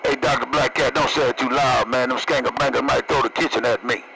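A man's voice: medium pitch, fairly even intonation, fairly quick, vocal fry, crowd noise. A man trading jokes over CB radio, using radio lingo and laughing between lines. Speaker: CB radio operator. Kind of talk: CB radio banter. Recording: noisy CB radio transmission.

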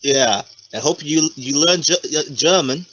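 A man joining in the casual chat as co-host with quick banter. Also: a little high, fairly bright tone.

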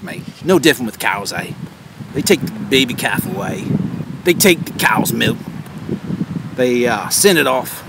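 A man's voice: mid-range voice, gravelly, noisy background. A man playing a rambling, preachy vegan kids TV host who talks down to children and repeats his words, with music underneath. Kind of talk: comedic kids-show parody.

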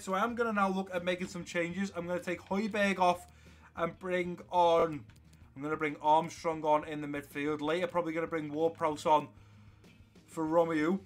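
A man's voice: a little high, moderate pace. A young man commentating on his own football video game, chatting to viewers and calling the action play by play. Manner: live play-by-play, grows loud and excited during match action. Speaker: gaming YouTuber. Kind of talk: gameplay commentary.

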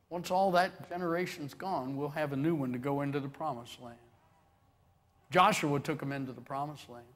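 Joking preacher in a reverberant church. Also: male voice, a little high, normal speed, a bit bright. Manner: folksy, joking preaching with swelling emphasis. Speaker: pastor. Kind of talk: sermon. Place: church sanctuary.

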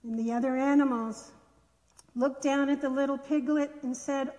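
High-voiced woman telling a children's story. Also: normal speed, in a large hall. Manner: gentle, expressive storytelling. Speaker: children's story leader in worship. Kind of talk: reading a children's story aloud. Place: church.

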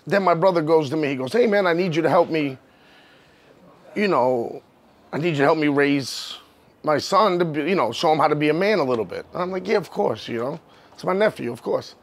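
A man's voice: fairly high pitch, expressive, fairly quick. A man, a professional wrestler telling his story in a candid sit-down interview, emotional and rambling. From New York. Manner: emotional, rambling, frequent "you know what I mean".

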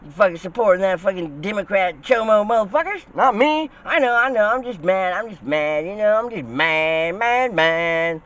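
A man's voice: sits high, expressive, moderate pace, few pauses, a bit bright. A man in crude, profane casual banter, rambling and mock-angry.

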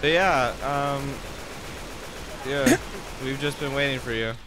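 A young man talks at an ordinary pitch, rambling through casual chat with friends while gaming. A steady hiss of background noise sits under his voice. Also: takes it slowly. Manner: rambling, filler-heavy.

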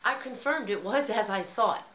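A woman's voice: medium pitch, lively intonation, normal speed, a bit bright, echoey room, slight background noise, poor audio. An American woman telling a personal story in a conversational vlog style, with an American accent. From United States. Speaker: vlogger.

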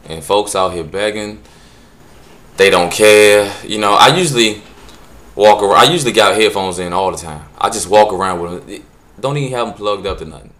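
A man telling funny everyday stories to the camera in a loose, casual way, jumping into voices to act out the scenes. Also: moderate pace. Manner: animated, jumps into high voices when acting out scenes; loose casual speech, drops words. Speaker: vlogger. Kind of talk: casual storytelling monologue.

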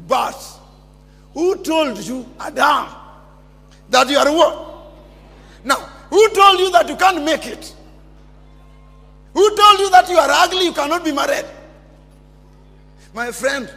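A man preaching a sermon as pastor, calling out to the congregation and often shouting. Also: very high-pitched, gravelly. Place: church hall. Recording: reverberant church hall.

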